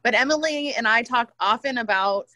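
Woman webinar presenter, bright and animated, dry close video-call sound. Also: on the high side, normal speed, dry recording. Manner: animated, laughs easily, talks through examples. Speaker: co-host presenter.

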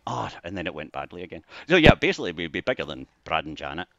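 A Scottish man rambling casually to camera, jokey, with sudden bursts of excitement between mumbled asides. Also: extremely low pitch, fast talker, vocal fry, no echo. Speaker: vlogger. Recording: dull lo-fi dry recording.

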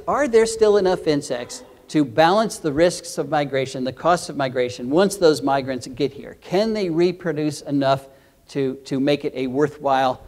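An older man gives a conference keynote in an earnest, explanatory tone. His voice sits a little high for a man. He often restarts his phrases as he works through each point. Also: darkish tone. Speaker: keynote speaker, entomology professor.

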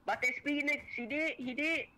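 A man's voice: very high-pitched, fast talker, sharp tone. A man trash-talking an opponent over a voice call, profane and taunting, his speech drawn out and slurred. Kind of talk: heated trash talk over voice chat. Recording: noisy voice chat audio.

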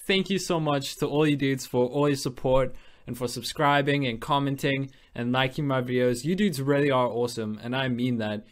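Gushing young man thanking his viewers. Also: medium pitch. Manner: gushing, rambling, stumbles over words, giggly. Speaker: gaming channel host. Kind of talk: casual vlog commentary over mobile gameplay.

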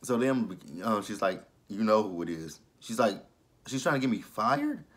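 A man's voice: fairly low pitch, expressive, moderate pace. A man giving a casual recap of a TV episode, talking bluntly with profanity and sarcastic asides. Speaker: TV show reviewer.

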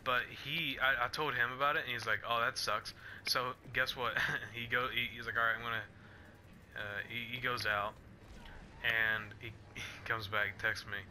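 A young man, a gamer vlogger, tells a rambling story in casual chat while he plays, restarting often, using lots of fillers, and breaking off now and then to react to the game. His medium-pitched voice is pushed and bright, with fairly even intonation and a moderate pace. There's slight background noise.

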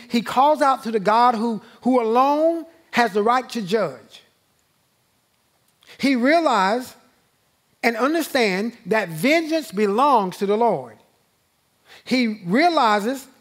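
High-voiced pastor, slow and emphatic. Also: male voice. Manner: slow, emphatic, repeats key phrases; rises and slows when reading scripture aloud. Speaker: pastor teaching Bible study. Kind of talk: Bible study teaching.

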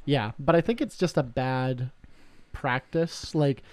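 A man's voice: mid-range voice, takes it slowly. A young man from Canada co-hosting a podcast, talking in a rambling, profane way with many restarts. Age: young adult. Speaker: podcast co-host. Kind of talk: casual chat.

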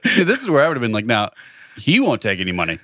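A man co-hosting a podcast, joking in casual chat and reacting quickly with laughs. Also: mid-range voice, wildly swooping pitch, pushed and bright, no room sound. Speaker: podcast co-host.

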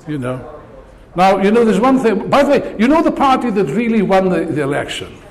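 Older guy giving a fiery speech, high voice swinging up and down a lot, big hall echo. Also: sing-song, fairly quick. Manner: sarcastic, rousing, rhetorical questions. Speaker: political speaker. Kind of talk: political speech.

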